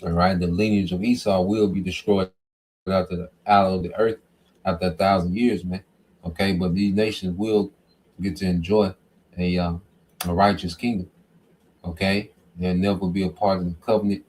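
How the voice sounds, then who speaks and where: A man's voice: sits low, level tone, normal speed, a little mellow. A man giving informal scripture teaching, talking conversationally and often checking in with "okay?" and "man". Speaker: Bible teacher.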